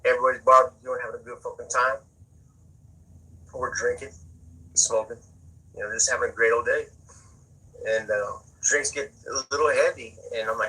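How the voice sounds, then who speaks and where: A man's voice: mid-range voice, steady tone, moderate pace, long pauses, pushed and bright, breathy edge, poor audio. A man telling a personal story in an interview, casual and profane, often repeating words as he searches for them.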